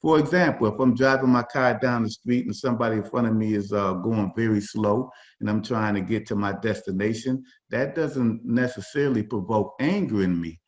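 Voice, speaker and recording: Man, low voice, workshop facilitator, informal talk, fillers and restarts, dull lo-fi video call audio. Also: normal speed, few pauses.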